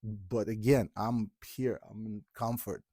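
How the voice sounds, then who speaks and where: A man's voice: fairly low pitch, fairly even intonation, a little slow, dark tone, dry recording, clean studio sound. A man from Ukraine, hosting a podcast and speaking earnestly and from the heart, often breaking off and restarting. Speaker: podcast host. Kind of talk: candid podcast conversation.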